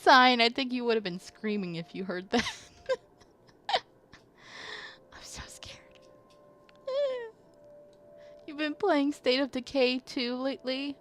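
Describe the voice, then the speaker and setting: A woman's voice: high voice, fairly even intonation. A young woman streaming a story game, reading its text aloud and reacting as an easily frightened player. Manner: easily frightened, reads text slowly and softly.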